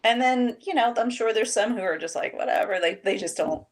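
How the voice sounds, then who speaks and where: A woman who teaches high school English, telling classroom stories in a casual, animated way and acting out what her students said. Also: brisk. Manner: animated storytelling, acts out students' quotes. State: emotional, near tears. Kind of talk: casual chat.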